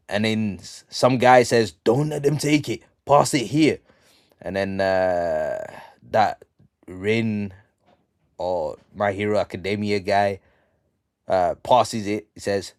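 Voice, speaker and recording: A man casually recapping a manga chapter on a live stream, slangy and full of ums, reading the quotes out flat. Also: on the low side, no echo, clean studio sound. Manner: slangy, reads out quotes flatly, many ums.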